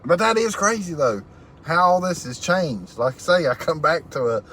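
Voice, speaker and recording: A man hosts a casual livestream, reading viewer comments aloud and laughing often in a folksy way. His voice is on the high side, lively, and fairly bright at a moderate pace, with slight background noise.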